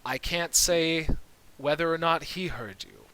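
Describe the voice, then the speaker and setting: Ancient male elf wanderer, quiet and cryptic, unhurried; a man plays him in a tabletop game. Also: fairly high pitch, clean tone, pitched above the performer's own voice, low-quality recording. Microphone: video call microphone.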